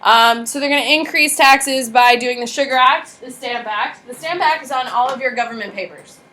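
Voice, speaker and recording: An American woman delivers a history lecture to her class in a lively, blunt manner, peppering students with rhetorical questions. Her voice sits high and moves at a moderate pace.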